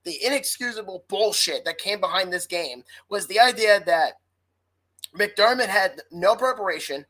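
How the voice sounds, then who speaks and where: A woman's voice: mid-range voice, expressive, moderate pace, a bit bright, poor audio. Fired-up, cursing woman sports podcaster. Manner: heated, profane ranting. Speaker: podcast co-host. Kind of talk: casual sports talk.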